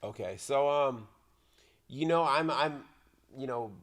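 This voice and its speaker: A man chatting easily on a podcast, relaxed and optimistic. His voice has a middling pitch for a man. He often pauses on fillers before his point. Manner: relaxed, upbeat, hesitant with fillers. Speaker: podcast guest. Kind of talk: casual chat.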